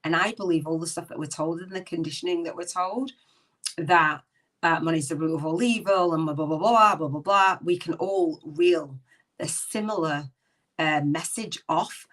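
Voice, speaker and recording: Brief: middle-aged woman host, low voice, earnest and rambling, mic a bit distant. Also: moderate pace, a bit bright. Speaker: podcast host. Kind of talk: live spiritual business podcast.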